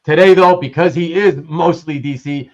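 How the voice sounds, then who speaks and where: A man hosting a live online sale, his voice sitting a bit high. He rambles cheerfully, reads out viewers' names and jokes with his guest. The stream audio is slightly dull and lo-fi. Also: moderate pace, darkish tone. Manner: chatty, laughs often, reads chat aloud. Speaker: livestream host. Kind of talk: casual live-stream chat.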